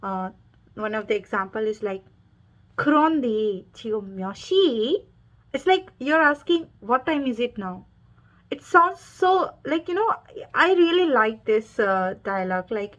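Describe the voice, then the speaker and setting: A woman's voice: fairly high pitch, lively intonation, normal speed, a bit bright. A woman explaining dialect examples in a casual, hesitant way, with bursts of enthusiasm. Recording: dull lo-fi sound.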